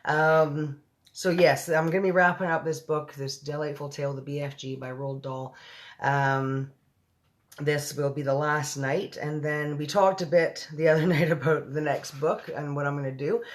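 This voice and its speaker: A woman's voice: deep voice, steady tone, normal speed. A woman hosting a casual late-night read-aloud livestream, chatty and profane with giggly asides. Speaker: storybook reader and livestream host.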